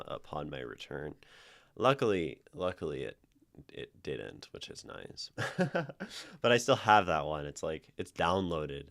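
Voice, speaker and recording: A man's voice: very deep voice, creaky, a bit bright. A man streaming a casual poetry critique, chatting in a rambling way with restarts and tag questions. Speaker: streamer reviewing community writing.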